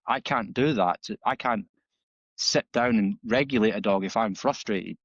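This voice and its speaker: Man, lowish voice, podcast guest, animated storyteller, dull dry audio. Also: normal speed, no room sound. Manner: animated storytelling, acts out dialogue with frequent restarts. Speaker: balanced dog trainer, podcast guest. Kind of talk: casual podcast conversation.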